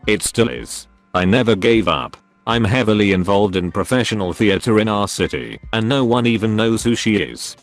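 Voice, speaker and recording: A man reading online posts aloud as a scripted narration, in an even reading voice. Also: on the low side, normal speed. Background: faint background music.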